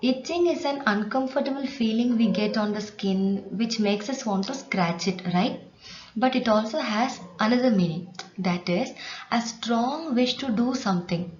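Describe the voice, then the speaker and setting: A woman's voice: a little high, normal speed, darkish tone. A woman teacher reading a story aloud and patiently explaining words to students with examples. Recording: echoey room, dull sound, faint hiss.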